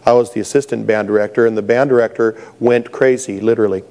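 Mellow-voiced man preaching a sermon. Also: fairly low pitch, quick pace. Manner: animated storytelling, laughing at own jokes. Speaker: pastor.

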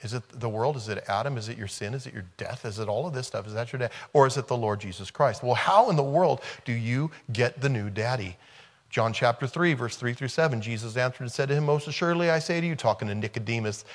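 A man's voice: mid-range voice, quick pace. A man preaching a conversational sermon, retelling a film scene and repeating rhetorical questions.

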